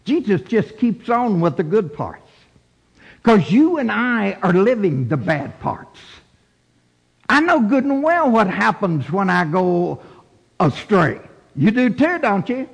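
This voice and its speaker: A pastor in his sixties preaching a fervent sermon with drawn-out emphatic phrases in a large church sanctuary. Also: high voice, gravelly, husky. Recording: long reverberant hall sound.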